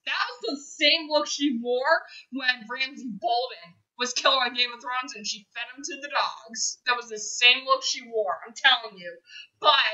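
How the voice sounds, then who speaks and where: Bright, high-voiced woman gushing about a film. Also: low-quality recording. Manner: gushing, emotional, repeats phrases. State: choked up, near tears. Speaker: film reviewer. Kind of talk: casual spoiler review monologue.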